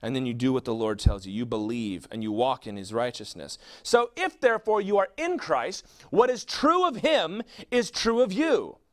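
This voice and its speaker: A man's voice: mid-range voice, expressive, normal speed, few pauses. A man preaching a sermon as a pastor, asking rhetorical questions and answering them himself.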